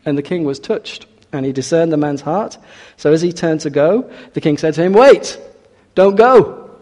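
A man's voice: fairly high pitch, fairly even intonation, a little fast, dark tone. A man preaching a sermon in an earnest way, with rhetorical questions and hesitant restarts. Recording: long hall reverb.

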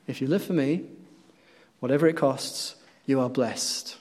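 A male pastor preaching a sermon, telling stories earnestly and swinging between loud emphatic peaks and quiet low passages. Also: unhurried, husky. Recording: long hall reverb.

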